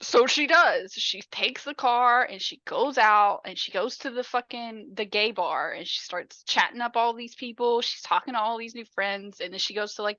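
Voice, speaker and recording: A woman with a voice on the high side co-hosts a podcast, casually retelling a film while swearing a lot and animatedly acting out the characters' lines. The recording has no room sound, and its highs are cut off.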